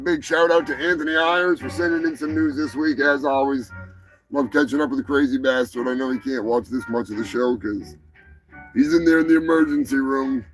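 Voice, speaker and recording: A man hosting a crude live show, rambling and swearing, jumping from loud outbursts to mumbled asides. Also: mid-range voice, low-quality recording. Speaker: show host. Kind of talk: crude live-stream rant. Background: music.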